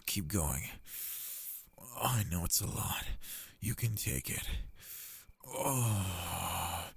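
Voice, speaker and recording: A man's voice: low voice, gravelly, slightly rough, dry recording. A man performing an adult audio role-play in a dominant, commanding and coaxing manner, with groans and heavy breathing between his phrases, recorded close to the mic.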